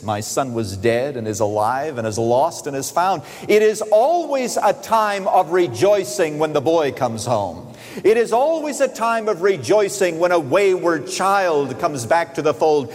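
A man delivering a sermon in a church, his voice rising loud on key phrases and sinking soft. His pitch moves a great deal, and a long reverb trails each phrase through the hall. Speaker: preacher.

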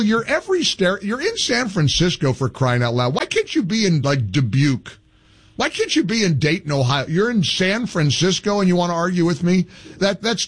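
A male talk radio host arguing with a caller in a sarcastic, mocking, combative way. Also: on the high side.

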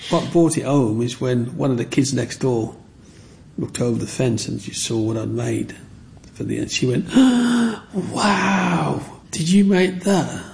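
A man's voice: mid-range voice, fairly even intonation, normal speed, vocal fry, warm tone, a little hiss or hum. A man, telling stories from his childhood in an interview and acting out other children's voices when he quotes them. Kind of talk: reminiscing storytelling.

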